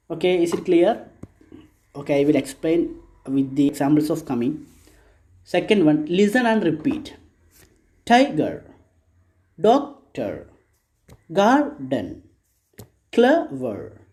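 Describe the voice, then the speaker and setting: A man with an Indian English accent teaching a school English lesson, explaining slowly, repeating words and checking whether students understand. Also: fairly high pitch, warm tone. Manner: slow, repetitive, checks understanding with "okay? is it clear?".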